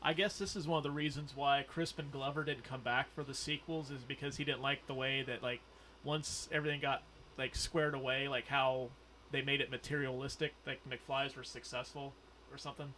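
A man's voice: mid-range voice, little pitch movement, a little fast, pushed and bright, a little hiss or hum. A man hosting a podcast in casual chat, rambling with lots of "like" and some swearing. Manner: loose, rambling, full of "like" and swearing. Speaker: podcast host.

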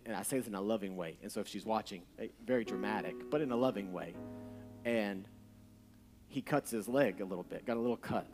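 A man preaching a sermon as pastor, moving between loud, forceful declarations and quiet, hushed storytelling about his family. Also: lowish voice.

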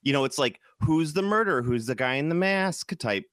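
A man's voice: on the high side, animated, fairly quick, a bit bright, no echo, studio quality. A man from Chicago co-hosting a casual podcast chat, rambling with lots of restarts and fillers. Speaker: podcast co-host.

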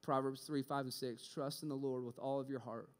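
A young man giving a sermon built on a personal story, animated, acting out both sides of conversations and often repeating words when excited. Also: medium pitch, a little fast. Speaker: preacher.

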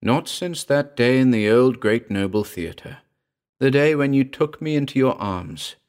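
A man's voice: medium pitch, expressive, a little slow, a little mellow, clear, resonant tone, pitched above the performer's own voice, close to an everyday voice. A man voicing the ghost of a dead actress, speaking tenderly and sadly in a throbbing contralto. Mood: sorrowful. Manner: tender, mournful.

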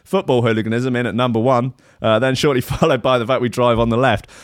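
A man's voice: mid-range voice, flat delivery, quick pace, no echo, studio quality. An English man, a young adult, giving casual sarcastic commentary and swearing as he reads out a list. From England. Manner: sarcastic, swearing, laughs at own jokes.

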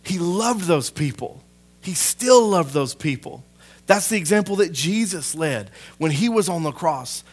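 A man, a pastor preaching a sermon. He swells to loud, impassioned peaks and then drops to a hushed, personal aside. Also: fairly high pitch, animated, measured pace.

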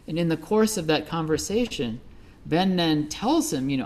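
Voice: mid-range voice, normal speed. A Buddhist minister telling a teaching story in a conversational sermon, often checking in with "right?". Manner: conversational, lively, with frequent "right?" asides.

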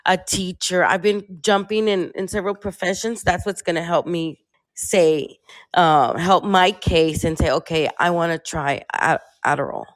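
Halting woman in casual talk. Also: lowish voice. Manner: halting, many restarts and repeated words. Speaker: panel guest. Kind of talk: casual discussion.

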